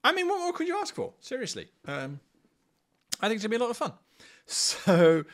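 A male host of a live stream, talking casually to his viewers. His voice is bright and sits a little high. His delivery is very animated, rising and falling a lot in pitch. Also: moderate pace. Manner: chatty, animated, swings between loud and quiet. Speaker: livestream host.

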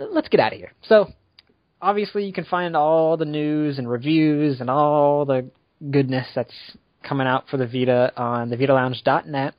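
Dude hosting a gaming podcast, chill and rambly, dry close mic, kinda dull lo-fi sound. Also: male voice, medium pitch, no room sound. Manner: relaxed, rambling with fillers and laughs. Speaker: podcast host. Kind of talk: casual chat.

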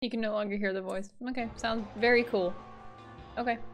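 A young adult woman giving casual, excitable, sweary gameplay commentary as a streamer. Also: mid-range voice, a little fast, soft background music. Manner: excitable and sweary, laughing often and switching between voices. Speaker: gaming streamer.

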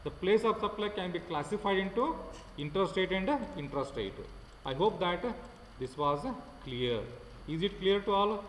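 A man with an Indian English accent teaching an online class, talking haltingly with many fillers and repeating himself. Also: high-pitched, lively intonation, reverberant, big-room sound, slight background noise, poor audio. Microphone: computer mic without headphone.

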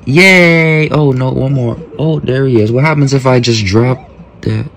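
A man's voice: medium pitch, measured pace, fairly bright tone, slight background noise. A man casually commenting on a mobile game, joking, mock-talking to kids and often trailing off mid-sentence. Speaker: gameplay host.

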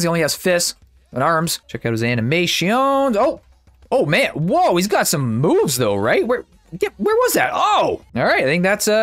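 A man giving casual, excitable gameplay commentary as a YouTuber, chatty and thinking out loud. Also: high voice.

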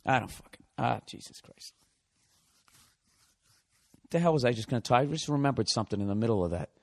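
A male podcast host tells a story as a profanity-laced comedic rant. He talks in an animated way with plenty of swearing. His pitch sits in a typical middle range. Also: fairly quick, gravelly.

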